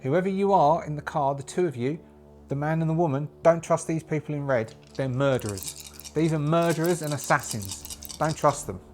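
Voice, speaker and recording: A man playing a wary survivor shouting a warning. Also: a little high, normal speed, faint music behind, close to an everyday voice. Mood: urgent. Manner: urgent, shouting across the road.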